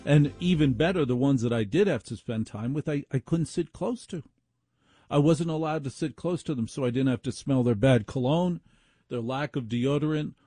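A man's voice: mid-range voice, mellow, slightly rough. Sardonic male radio host. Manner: sardonic, playful. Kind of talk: comedic radio monologue. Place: laundry room. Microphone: video call.

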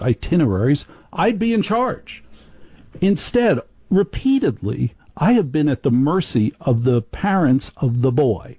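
Gravelly, dark-voiced radio talk host. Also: male voice, mid-range voice, no room sound. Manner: chatty, confiding, rambling. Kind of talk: live radio talk show.

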